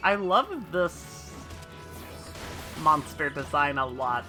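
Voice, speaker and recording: A man's voice: on the high side, very animated, slow, pushed and bright, soft background music, poor audio. A man streaming a video game live and chatting casually, with joking, profane asides and frequent laughter.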